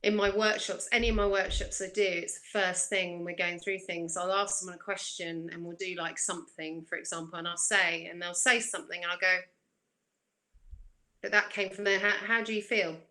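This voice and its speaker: Bright-toned woman, reflective coach. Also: lowish voice, flat delivery, fairly quick, few pauses, rough recording. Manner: reflective, asks questions back. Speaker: intuitive coach and guest reader. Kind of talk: casual chat.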